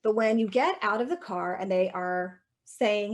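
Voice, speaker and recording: A woman's voice: mid-range voice, fairly quick. Young woman lawyer, informal lecture, conversational and direct, keeps asking the room if they follow. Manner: chatty, keeps checking in with "okay?"; acts out dialogues with police. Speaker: attorney giving a public lecture.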